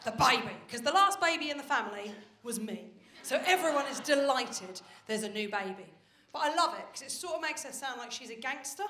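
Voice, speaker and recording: High-voiced woman doing stand-up. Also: lively intonation, a little fast, pushed and bright. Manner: chatty, confiding, swears casually. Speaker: stand-up comedian. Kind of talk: live stand-up routine. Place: comedy venue stage with live audience. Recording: roomy live venue with audience noise.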